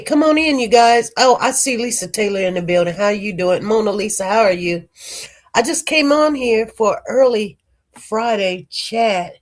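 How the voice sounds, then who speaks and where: A livestream host chatting casually with viewers and greeting them by name, congested from a cold and rambling between topics. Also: medium pitch. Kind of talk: casual chat.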